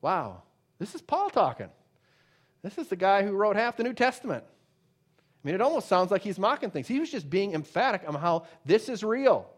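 A man preaching a sermon, emphatic and conversational, swinging between loud declarations and quiet asides. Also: high voice, sing-song, moderate pace. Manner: emphatic preaching, rising and dropping in volume; conversational asides with many fillers. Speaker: pastor.

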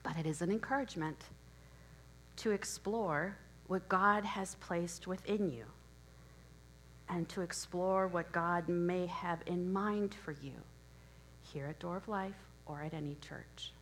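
A middle-aged woman preaching a sermon in a church, hoarse and losing her voice, earnest and encouraging, often clearing her throat. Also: fairly low pitch, fairly even intonation, unhurried, a little hiss or hum, low-quality recording. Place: church sanctuary.

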